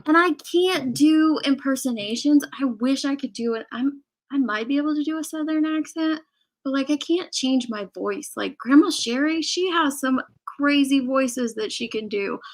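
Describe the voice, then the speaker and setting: Casting: woman live-stream host, Midwest-raised, higher voice with some vocal fry, chatty and giggly. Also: moderate pace. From Illinois. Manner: chatty, laughs often, reads out super chats. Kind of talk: casual live-stream chat.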